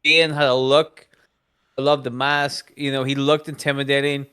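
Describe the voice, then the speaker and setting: A man co-hosting a casual film podcast, animated and acting out reactions as he talks. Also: mid-range voice, moderate pace, clear, resonant tone. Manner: animated, acts out reactions in quotes. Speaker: podcast co-host.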